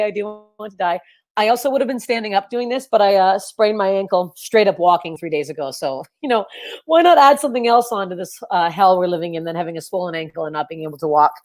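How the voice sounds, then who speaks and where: Woman, thirties, stand-up comic, rambling, self-deprecating, squeaky outbursts, sniffly nose, webcam at home. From Canada. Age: 30s. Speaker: stand-up comedian. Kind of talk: stand-up comedy on a video call. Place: her parents' house, indoors. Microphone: webcam on a video call.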